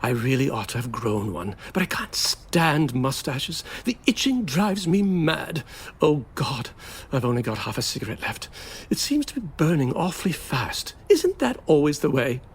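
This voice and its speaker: An actor playing a flamboyant, bitter groom on his wedding day, melodramatic and sardonic, swinging between slow drawls and sudden outbursts. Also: a little high, very animated, breathy edge, full character voice. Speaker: actor in a stage play. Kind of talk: theatrical stage acting.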